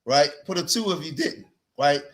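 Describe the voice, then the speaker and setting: A man's voice: on the high side, animated, normal speed, a bit bright. A man hosting a livestream, commenting in an emphatic, preachy way and repeating himself to his viewers. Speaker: livestream host.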